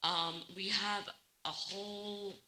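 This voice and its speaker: A woman presenter answering audience questions at a community seminar in a measured, reassuring way. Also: mid-range voice, steady tone, pushed and bright. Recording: echoey room with faint noise.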